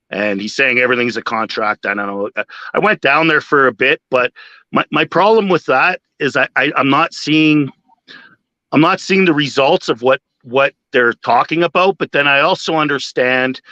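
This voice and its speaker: Mężczyzna w swobodnej rozmowie panelowej, mówi chaotycznie i z wahaniem, często przeklina i wtrąca "uh". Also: male voice, mid-range voice, moderate pace, sharp tone, no room sound, rough recording. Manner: rambling, hesitant, swears often, many fillers. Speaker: panel guest. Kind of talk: casual chat.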